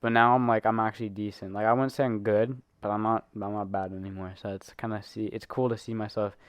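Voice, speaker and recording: A man's voice: lowish voice, little pitch movement, fast, clear, resonant tone, dry recording, clean studio sound. A teenage boy co-hosting a podcast, telling a long story in casual chat, rambling with lots of fillers and laughing as he goes. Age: teens. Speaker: podcast co-host.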